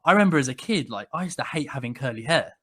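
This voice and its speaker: Podcast co-host, man, thirties, mid-pitched, chatty storyteller who restarts a lot. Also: fast talker, breathy edge. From England. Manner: rambling, many restarts, animated when quoting people. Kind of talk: casual conversational storytelling.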